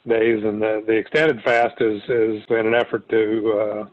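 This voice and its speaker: Guy rambling about his story over a tinny phone-ish line, pretty flat voice. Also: fairly low pitch, measured pace. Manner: rambling, many restarts and fillers. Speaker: guest sharing his weight loss story. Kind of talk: casual interview talk.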